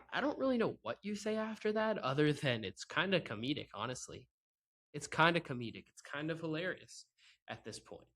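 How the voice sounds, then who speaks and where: A man with a bright, forceful voice hosts a solo sports podcast into a laptop microphone. He rants in a sarcastic, exasperated way, mocking and breaking into laughter, at a mid pitch. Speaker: podcast host. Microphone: microphone with laptop and camera.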